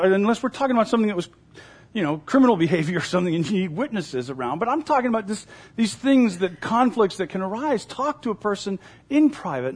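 A man's voice: high-pitched, husky. A male pastor preaching a sermon in an earnest, emphatic way, repeating key phrases.

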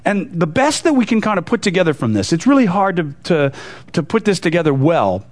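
A man's voice: sits high, sing-song, a little fast. A man teaching a Bible passage in a casual, conversational way, retelling the story with many fillers and restarts.

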